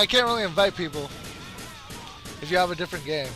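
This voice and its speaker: A young man commentating his own gameplay, trash-talking and often breaking into yells. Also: sits high, quick pace, pauses often, soft background music. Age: young adult. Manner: excitable, trash-talking, swings to yelling.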